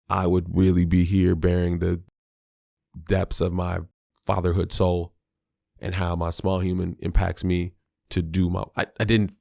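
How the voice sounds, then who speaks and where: Man, podcast host, very low voice, gravelly, mellow tone, reflective, slangy, candid. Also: dry recording, studio quality. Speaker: father of a small child. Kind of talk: solo podcast monologue.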